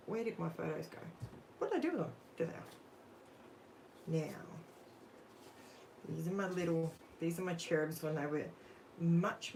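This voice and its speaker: A middle-aged Australian woman hosts a live craft stream from her home craft room under overhead lights, chatting casually and talking straight to viewers in the chat while she crafts. Her voice is lowish with a darkish tone, and there's a little hiss or hum.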